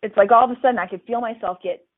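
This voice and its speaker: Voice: medium pitch, rapid-fire, no room sound. A physician who trains residents talks casually and reflectively, with many fillers and restarts. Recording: tinny dry phone line.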